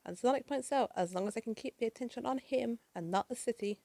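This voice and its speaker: A woman's voice: a little high, quick pace, creaky, mellow, no room sound. A woman narrating a comic book issue in a chatty, casual way, with swearing, fillers and side remarks. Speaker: comic reader.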